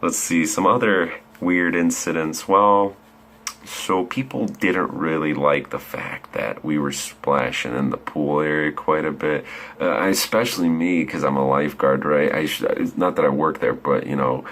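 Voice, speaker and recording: A man's voice: extremely low pitch, unhurried, fairly bright tone. A young man in his late teens telling a rambling, profane story in a laid-back way. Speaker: vlogger. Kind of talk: casual storytelling.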